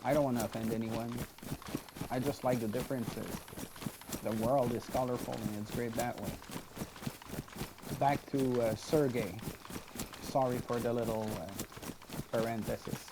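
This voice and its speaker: A man stepping out of his game role-play to talk to viewers in an earnest, slightly halting way. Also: mid-range voice, fairly even intonation, noisy background. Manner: earnest, apologetic, a little halting. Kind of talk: casual aside to viewers.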